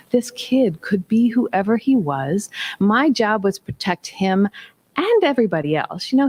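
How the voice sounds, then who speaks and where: A woman's voice: medium pitch, darkish tone. A woman giving a spiritual talk, telling personal stories with emphatic whispers and acted-out dialogue. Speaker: minister and special ed teacher.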